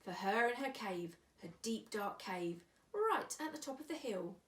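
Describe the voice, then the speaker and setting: A woman's voice: on the high side, lively intonation, a little slow, distant mic. A woman reading aloud, voicing a sweet-talking, crafty female duck in a raised voice. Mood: sly. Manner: sweet, polite chatter. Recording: echoey room, away from mic.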